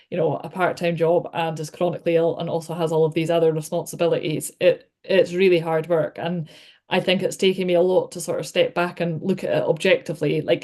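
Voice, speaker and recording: A woman's voice: fairly low pitch, a little mellow. A Scottish woman in her thirties, a podcast guest, talking casually and chattily with lots of likes and you-knows. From Scotland. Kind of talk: casual chat.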